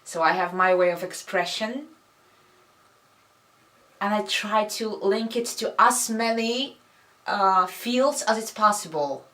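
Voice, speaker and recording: A woman's voice: mid-range voice, takes it slowly, pauses often, pushed and bright. A woman who works as a vocal artist, answering interview questions hesitantly, searching for words.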